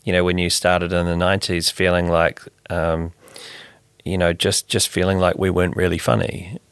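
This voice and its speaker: A New Zealand man with a very deep voice asks questions in an easy, halting manner, often with small nods of agreement. The voice is close and dry. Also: completely flat delivery, fairly bright tone, clear, resonant tone, dry recording. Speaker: interviewer. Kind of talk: casual interview chat.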